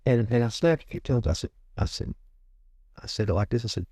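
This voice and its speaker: Guy in his 40s telling a testimony, keeps repeating himself, dark mellow voice, dry sound. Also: fairly low pitch, normal speed, dry recording. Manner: repeats words, retells what he said. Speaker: guest minister. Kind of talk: storytelling testimony.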